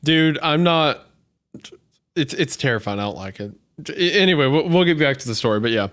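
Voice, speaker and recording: A man's voice: on the high side, animated, a little fast, a bit bright, soft background music. A man hosting a casual podcast, chatting with many fillers and restarts and laughing often while he reads a spooky story aloud. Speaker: podcast host reading a story. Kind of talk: casual chat and story reading.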